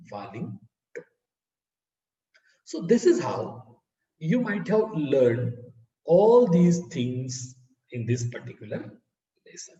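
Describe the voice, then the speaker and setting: A man with an Indian English accent lectures slowly and deliberately, his pitch swinging widely as he explains. He sounds set back from the mic in a roomy space, with a dull, muffled tone. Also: recorded from a distance. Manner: slow, deliberate teaching with lively rising and falling intonation. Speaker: phonetics lecturer. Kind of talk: online lecture.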